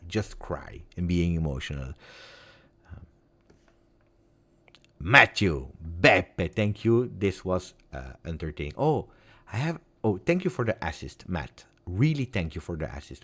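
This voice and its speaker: Italian guy live streaming, low voice that swings up and down a lot, gets emotional, says stuff twice. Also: very animated, measured pace. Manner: emotional, repeats words, shifts between loud and soft. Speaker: football fan channel host. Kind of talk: casual live-stream chat.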